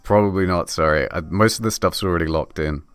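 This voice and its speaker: Man, low voice, casual streamer reading out chat, offhand, faint music behind. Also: a little fast, clear, resonant tone, no echo. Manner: offhand and swearing, reading viewer messages aloud. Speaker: streamer editing a video.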